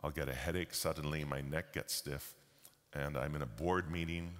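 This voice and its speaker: A man voicing a worried, guarded middle-aged male executive in a quiet, subdued way. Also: a bass voice, steady tone, normal speed. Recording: long hall reverb.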